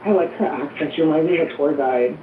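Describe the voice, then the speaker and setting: A participant in a casual group voice chat, sassy and teasing, with campy, quick jokes. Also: mid-range voice, slight background noise. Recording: tinny, echoey phone audio from far off.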